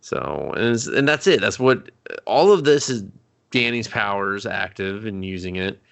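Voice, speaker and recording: Man, gravelly voice, casual movie chat, profane, laughs a lot, mimics characters. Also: on the low side, lively intonation, a little slow, a bit bright. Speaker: podcast co-host.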